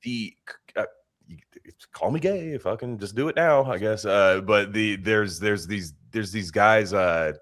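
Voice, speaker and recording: A man hosting a podcast in casual, crude banter, rambling and swearing, now and then mocking accents in a high put-on voice. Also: a bit bright. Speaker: podcast host.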